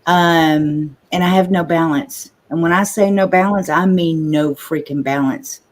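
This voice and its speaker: A woman's voice: sits low, fairly even intonation, unhurried. Chatty woman host, livestream chat, a slight stutter.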